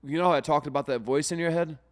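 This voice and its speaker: A man's voice: fairly high pitch, fast. A man co-hosting a podcast in casual, profane conversation, often acting out other people's voices. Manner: profane, animated, acts out voices. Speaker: podcast co-host.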